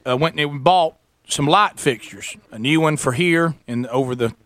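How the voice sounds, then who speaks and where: A man, hosting a talk radio show and telling a story in a lively way, acting out the people in it. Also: a little high, normal speed, no echo. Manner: animated, acts out quoted voices, sarcastic. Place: radio studio.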